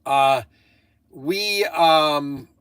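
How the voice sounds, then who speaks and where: A man's voice: a little high, drawn-out words, a bit bright, clean tone, no room sound. An older man hosting a casual chat, rambling and going off on tangents, sounding tired. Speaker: host.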